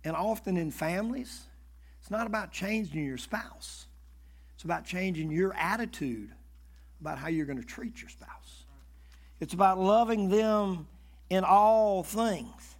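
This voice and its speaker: A male preacher telling stories in a sermon, animated and swinging between loud and hushed, often stammering and repeating words. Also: high-pitched, a little slow. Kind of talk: sermon storytelling.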